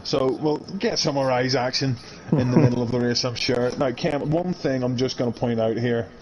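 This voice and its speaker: A man giving casual live commentary on an online sim race, chatty and quick to laugh. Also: mid-range voice, a little mellow, dull audio, slight background noise. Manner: chatty, laughs often, reads out viewer comments.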